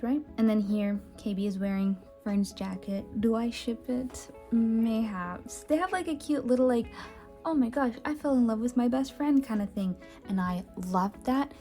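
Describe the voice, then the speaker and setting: Her voice is medium in pitch and dark in tone as this artist casually talks viewers through her sketchbook in voice-over. She rambles in a chatty way, often using fillers and restarting sentences, and faint music sits in the background.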